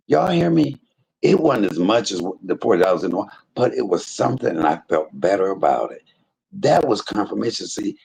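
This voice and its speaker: Low gravelly guy preaching at his stream chat, swings up and down a lot. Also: darkish tone, rough recording. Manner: emphatic, preachy storytelling with religious exclamations. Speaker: live streamer talking to viewers. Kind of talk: casual spoken testimony to a live chat.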